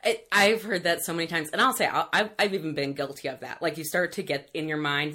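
A woman's voice: deep voice, steady tone, quick pace, bright, forceful tone. A woman co-hosting a casual podcast chat, candid and blunt with a joking edge. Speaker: podcast co-host.

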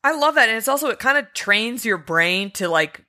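A woman hosting a podcast in casual chat, enthusiastic and quick to joke. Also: a little high, lively intonation, bright, forceful tone. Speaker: podcast host.

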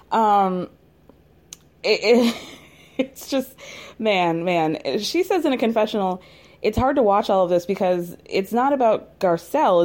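Young adult woman, mid-pitched, casual gossipy recap host, quick sassy asides, frequent laughs. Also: a little mellow. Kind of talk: casual commentary.

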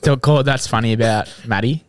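A man's voice: mid-range voice, a little fast, crowd noise. An Australian man hosting a podcast, blunt and jokey, swearing freely in casual chat. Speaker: podcast host.

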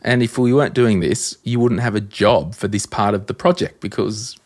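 An Australian man hosting a podcast, telling stories in a casual, animated way and acting out conversations. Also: fairly low pitch, moderate pace. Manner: animated storyteller, acts out quoted exchanges. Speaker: podcast host. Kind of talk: casual chat.

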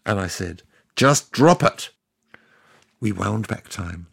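A sardonic, talkative God tells his side of the story in a comic audio fiction. The voice is gravelly and a little husky, and the pitch swings around lively as he tells it. The recording is dry and close. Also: takes it slowly, no room sound, heavily acted. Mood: wry. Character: God, ancient male deity, wry and chatty. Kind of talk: scripted comic monologue.

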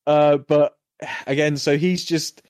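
A man's voice: fairly high pitch, steady tone, slow pace, a little mellow, clean tone, no echo, studio quality. A man in casual chat, recapping a TV episode and acting out the characters' lines. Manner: rambling, acts out characters' lines.

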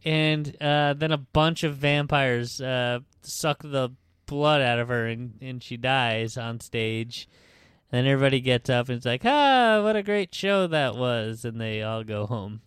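A man on a book podcast retells a story in loose, casual chat. He rambles and swears, with plenty of ums and uhs. His voice is smooth and clear, and the room sounds dry and close. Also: medium pitch, fairly even intonation, measured pace, a bit bright, no room sound. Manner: rambling, profane retelling full of fillers.

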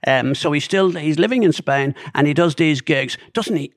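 An older man with an Irish accent, co-hosting a podcast in a rambling, animated chat. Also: on the high side, moderate pace. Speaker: podcast co-host. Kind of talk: casual chat.

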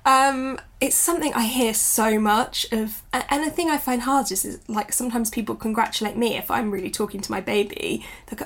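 A woman's voice: on the high side, fairly even intonation, moderate pace, vocal fry. A woman in her thirties, a guest author and new mother, talking candidly and reflectively in an interview, often laughing. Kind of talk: conversational interview.

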